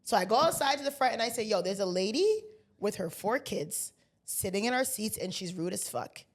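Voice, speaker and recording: A woman co-hosting a podcast, telling a story in a casual, animated way and acting out the people in it with plenty of swearing. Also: medium pitch, brisk. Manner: animated storyteller, acts out quoted voices, heavy swearing. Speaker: podcast co-host.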